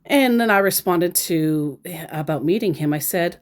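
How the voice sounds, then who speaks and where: A woman's voice: on the low side, lively intonation, moderate pace, few pauses. A woman in casual commentary on scam chats, sarcastic and laughing often. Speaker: scambaiter vlogger.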